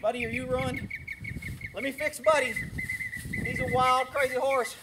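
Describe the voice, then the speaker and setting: Over a noisy background, a horse trainer with a very high-pitched voice talks at normal speed as he demonstrates outdoors with horses. His instructional vlog talk is blunt, brash, sarcastic and scolding.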